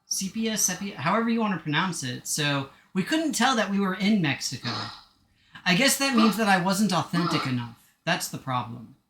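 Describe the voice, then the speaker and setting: Lively, bright-voiced man joking while gaming. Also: high-pitched, moderate pace, roomy sound, a little hiss or hum. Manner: rambling, joking and self-mocking. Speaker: gaming streamer. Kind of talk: casual live-stream chat while playing.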